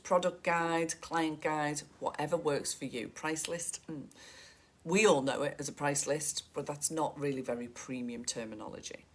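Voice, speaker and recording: A middle-aged woman giving a chatty, direct coaching talk to photographers and calling them "guys". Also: low voice.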